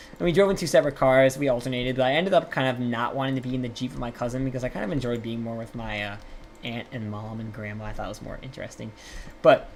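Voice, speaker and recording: A young man with a mid-pitched voice talks through a game stream, telling a long story in a loose, rambling way. He swears often and gets animated as he talks. A faint noise sits underneath. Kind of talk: casual storytelling while gaming live.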